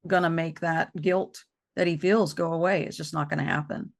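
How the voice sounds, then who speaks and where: A woman talking about losing loved ones, halting and repeating herself as she tells it. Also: low voice, steady tone, creaky. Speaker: co-host. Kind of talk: emotional personal conversation.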